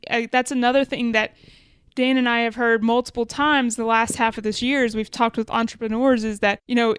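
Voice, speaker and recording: A woman's voice: a little high, a bit bright, clear, resonant tone, dry recording. A woman, originally from Alabama, talking through business lessons on her podcast in a conversational way, thinking aloud and correcting her wording as she goes. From Alabama, USA. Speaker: podcast co-host.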